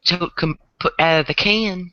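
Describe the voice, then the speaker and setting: A man hosting a casual chat, excitable and teasing, quick to break into loud laughs. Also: high-pitched. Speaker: show host. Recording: lo-fi sound.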